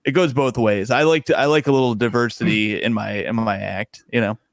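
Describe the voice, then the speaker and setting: A young man chatting as a podcast guest, swapping comedy stories with quick bursts of laughter. His voice leaps upward whenever something amuses him, and the sound is close and dry. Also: vocal fry, no echo. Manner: animated storyteller, laughs often, pitch jumps when excited. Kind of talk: casual podcast interview.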